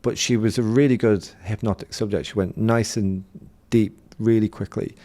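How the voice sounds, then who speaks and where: A middle-aged man, a hypnosis coach and podcast guest, telling an animated anecdote in conversational style and acting out the quotes. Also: on the low side, moderate pace. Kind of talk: conversational storytelling.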